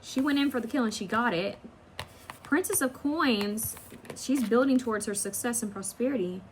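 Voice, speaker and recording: A woman's voice: a little high, moderate pace, a little hiss or hum. A woman giving a casual pick-a-card tarot reading, chatty and rambling with slangy asides.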